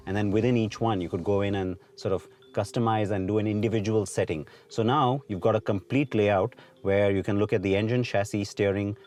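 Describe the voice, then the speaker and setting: A man's voice: lowish voice, fairly even intonation, fairly quick, few pauses, a little mellow. A man explaining car driving settings in a casual, explanatory way, with some fillers.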